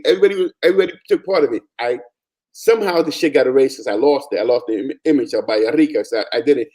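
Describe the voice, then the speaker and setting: A man from Panama telling travel stories in a casual chat, animated and full of quoted dialogue. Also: mid-range voice, fast talker.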